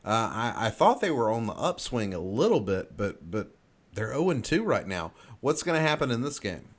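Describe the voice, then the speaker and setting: A man's voice: lowish voice, big pitch swings, normal speed. A man from the Southern US hosting a podcast, reading out football matchups and asking his co-hosts for their picks in an upbeat, casual way. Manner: upbeat, runs through matchups and asks for picks. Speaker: podcast host. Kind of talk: casual sports chat.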